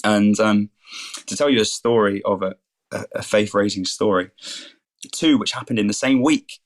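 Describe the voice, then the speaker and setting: On a podcast, a guest who is a 21-year-old student and rugby player shares faith stories with enthusiasm, describing things as awesome again and again. He speaks on the low side at a moderate pace.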